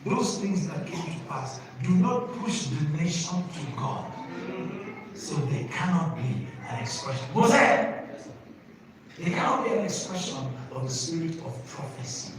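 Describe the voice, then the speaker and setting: A man, a pastor preaching a sermon, switching between low asides and sudden shouted bursts while he questions the congregation. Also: big pitch swings, unhurried. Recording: echoey hall from far off with noise.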